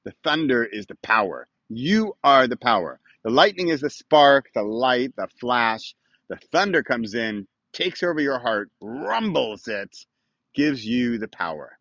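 A man's voice: medium pitch, sing-song, a little slow, fairly bright tone, no room sound, highs cut off. A man hosting his own weekly video podcast, chatting casually and rambling a little while he films himself outdoors. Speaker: podcast host. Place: outdoors with a morning view.

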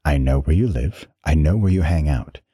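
A man's voice: a bass voice, animated, mellow, slightly rough, no room sound, clean studio sound, heavily acted. Man doing a snide, uppity tormentor. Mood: menacing. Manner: sneering, snarky, drawn-out threats.

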